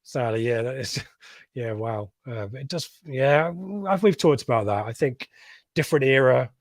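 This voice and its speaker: A man's voice: mid-range voice, moderate pace, no room sound, clean studio sound. English man hosting a fan podcast. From England. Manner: reads out viewer comments, jokey asides. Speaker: podcast host. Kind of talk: live reaction stream chat.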